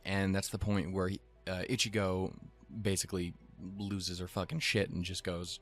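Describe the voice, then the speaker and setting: A man's voice: deep voice, flat delivery, moderate pace, hardly any pauses, soft background music. A man casually recapping an anime episode, rambling and swearing freely with chuckling asides. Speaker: anime reviewer.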